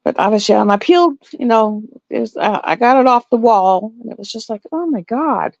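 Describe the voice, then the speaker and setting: A middle-aged woman, hosting a livestream and telling stories in a casual, animated way. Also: fairly high pitch, a little fast, creaky, no room sound. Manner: animated storytelling with laughs. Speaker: livestream host. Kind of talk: casual chat. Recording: dull lo-fi dry sound.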